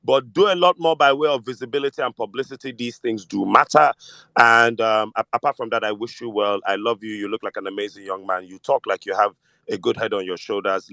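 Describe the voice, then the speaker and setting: A Nigerian man with a Nigerian accent talking politics in casual, animated chat, switching between Pidgin and English. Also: mid-range voice, a little fast, no room sound. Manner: animated, mixes Pidgin with English, mimics voices. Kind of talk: casual political chat in a live audio space.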